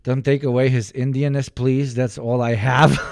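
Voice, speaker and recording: A man's voice: mid-range voice, creaky, darkish tone, dry recording, studio quality. A man streaming a casual reaction, joking and sarcastic, often laughing and restarting his sentences. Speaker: streamer reacting to online posts. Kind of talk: casual livestream reaction commentary.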